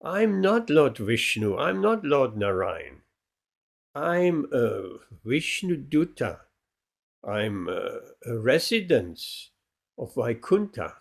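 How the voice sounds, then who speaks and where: Guy doing a humble heavenly servant w four arms, slow and gravelly, kinda high. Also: very animated, exaggerated voice. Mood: modest. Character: humble male four-armed resident of heaven.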